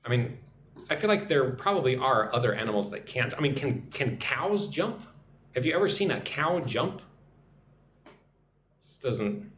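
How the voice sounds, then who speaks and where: Chatty male teacher, lively voice. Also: mid-range voice, a little slow, pauses often, slight background noise. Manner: chatty, musing aloud, reading viewer comments. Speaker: English teacher. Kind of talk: live-streamed English lesson. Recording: echoey room with faint ambience.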